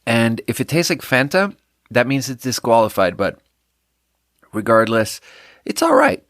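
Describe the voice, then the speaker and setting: Man, podcast host, rambling, self-deprecating, middle pitch, dry sound. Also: lively intonation, a little slow, a bit bright, no echo. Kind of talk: casual solo podcast chat.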